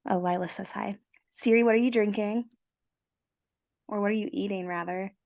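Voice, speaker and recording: Woman, hoarse from a cold, young adult, podcast co-host, chatty, self-mocking. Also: medium pitch, steady tone, moderate pace, darkish tone. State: hoarse, losing her voice from a cold. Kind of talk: casual chat.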